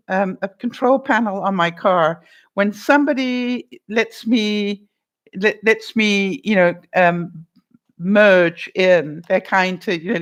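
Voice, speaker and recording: Chatty laughing woman vlogger. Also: medium pitch. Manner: chatty, laughs often, acts out little voices. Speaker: vlogger reading live chat. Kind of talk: casual live-stream chat.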